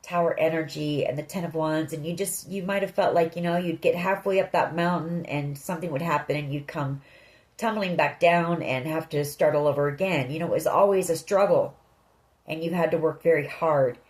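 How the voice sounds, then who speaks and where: A woman's voice: low-pitched, brisk, darkish tone, rough recording. A woman giving a tarot reading, speaking earnestly and directly to the listener. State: emotional. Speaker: tarot reader.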